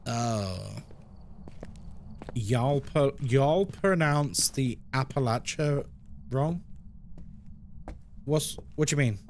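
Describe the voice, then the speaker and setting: A man's voice: medium pitch, expressive, extremely slow, pauses often, a little mellow, slight background noise. A man streaming a game, chatting playfully and reading chat messages aloud. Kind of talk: casual live-stream chat.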